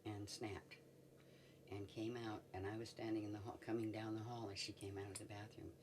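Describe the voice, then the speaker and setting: A woman's voice: very deep voice, little pitch movement, fairly quick, recorded from a distance. Older woman as interviewee telling a story with chuckles; recorded off-mic with slight background noise.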